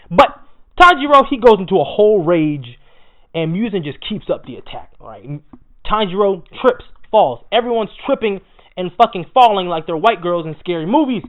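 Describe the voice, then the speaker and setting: A man's voice: sits high, moderate pace. Slangy young man, tinny phone-like sound. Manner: animated, slangy, swears freely. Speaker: anime manga reviewer. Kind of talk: casual profane chapter recap.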